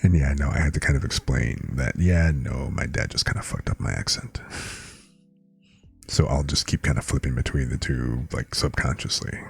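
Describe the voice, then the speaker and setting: A man's voice: a bass voice, moderate pace, vocal fry, breathy edge, faint music behind. A man streaming live, chatting casually with viewers and reading out words with their definitions.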